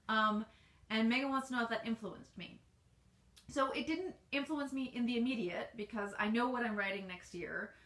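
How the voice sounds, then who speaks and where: Here an American author hosts a relaxed live Q&A for her readers from home, wandering off track with ums and false starts. Her medium-pitched voice has a fairly bright tone, and the recording sounds roomy, as if in a home office.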